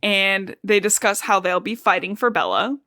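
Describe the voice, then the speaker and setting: Woman, podcast co-host, casual book chat, rambling, filler-heavy, mid-pitched voice. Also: animated, normal speed, sharp tone. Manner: chatty, heavy use of "like", recaps plot.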